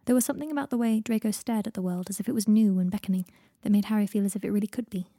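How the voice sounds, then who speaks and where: A woman reading a story aloud in an even, steady narrating voice. Her tone is mellow and warm with a soft, breathy edge. The recording is close and dry with no room sound. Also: mid-range voice, rapid-fire, dry recording. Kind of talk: audiobook reading of fan fiction.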